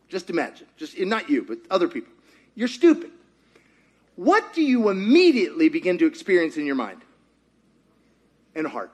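A man preaching to a congregation, with a strikingly high voice and a lively, swooping delivery. He jokes about himself and keeps throwing questions to the crowd. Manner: joking, asks the congregation questions. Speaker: pastor. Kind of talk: sermon. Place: church before a congregation.

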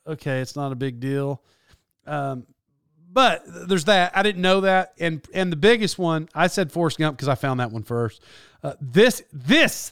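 A man's voice: high voice, a bit bright, clean tone, dry recording, studio quality. Rambling, self-correcting man. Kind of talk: casual monologue.

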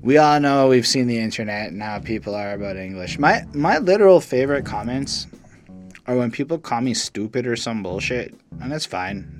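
A man co-hosting an album review, casual and blunt, swearing freely. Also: mid-range voice. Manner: blunt, profane, animated.

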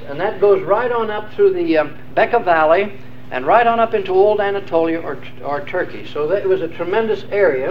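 An older man teaching a class in a rambling lecture, quizzing his listeners with questions and many fillers. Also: high-pitched. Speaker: religious teacher. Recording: dull lo-fi recording with faint hiss.

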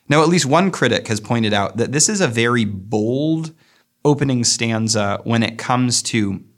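A man's voice: lowish voice, creaky. A man giving a thoughtful lecture on a poem, reading lines of verse aloud and picking them apart. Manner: thoughtful, reflective, reads verse aloud slowly. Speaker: literature lecturer. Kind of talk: poetry lecture with read-aloud quotes.

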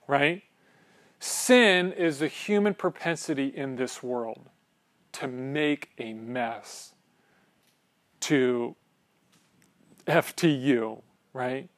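A man's voice: fairly high pitch, slow, fairly bright tone. A man preaching a sermon in a church, conversational and joking with the congregation, often checking in with "right?". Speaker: pastor.

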